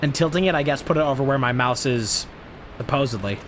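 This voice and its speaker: A man's voice: mid-range voice, fairly quick, noisy background. A man streaming a video game, ranting at enemies in a profane, exasperated way and sounding frustrated. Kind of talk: live gameplay commentary.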